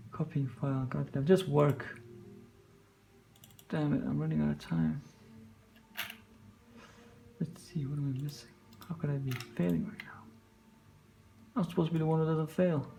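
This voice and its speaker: A man hosting a casual software tutorial, muttering to himself and joking as he gets frustrated. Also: a little high, gravelly, slight background noise. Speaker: tutorial host.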